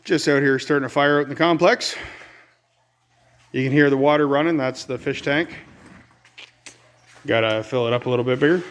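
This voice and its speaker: A man's voice: medium pitch, normal speed, pauses often. A man from Ontario, telling a rambling, exasperated story in a casual outdoor vlog on his rural homestead. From Ontario, Canada. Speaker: vlogger.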